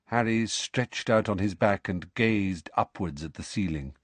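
A man narrating a storybook in an expressive, varied scripted reading. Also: on the low side, unhurried, no echo. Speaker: audiobook narrator.

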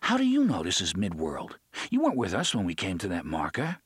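A man's voice: low voice, huge pitch swings, fairly quick, husky, dry recording, clean studio sound, pitched below the performer's own voice, full character voice. Man doing a blunt, wisecracking young man. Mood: probing.

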